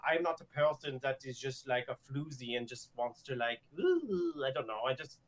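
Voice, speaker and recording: A man's voice: medium pitch, sing-song, moderate pace. A man venting in an upset rant while roleplaying a character, trailing off in fillers. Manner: upset, ranting with many fillers. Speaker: roleplay player.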